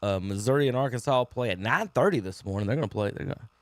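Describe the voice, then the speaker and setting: Man, sports radio host, middle pitch, reading schedules with chatty asides, dry studio sound. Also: expressive, quick pace, no echo. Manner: reads out schedules with filler and asides. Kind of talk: casual sports radio banter.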